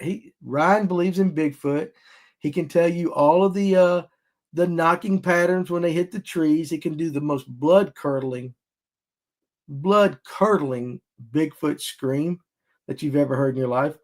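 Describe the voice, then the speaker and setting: A man hosting a casual podcast, telling stories and acting out other people's lines. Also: a little high. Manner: animated storyteller who acts out other people's lines. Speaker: fishing podcast host.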